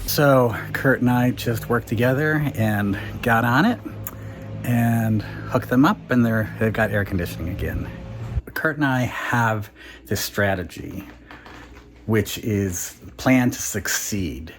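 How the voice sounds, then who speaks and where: A man who runs a guesthouse, telling stories to the camera in an animated, chatty way and laughing now and then. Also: lowish voice, slow, over music. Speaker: guesthouse owner and vlog host. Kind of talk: casual storytelling vlog.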